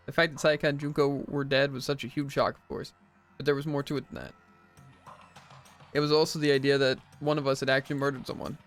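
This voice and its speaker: A man streaming a visual novel, reading every character's dialogue aloud himself and adding jokey asides. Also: mid-range voice. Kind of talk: let's play, reading game dialogue aloud.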